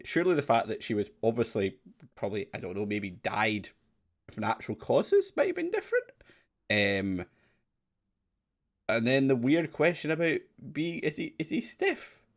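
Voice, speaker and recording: A man's voice: medium pitch, expressive, fairly quick. A man playing a classic adventure game and chatting casually as he pokes fun at its voice acting. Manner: chatty, mocking the game's acting. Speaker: let's play streamer. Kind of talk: casual let's play commentary.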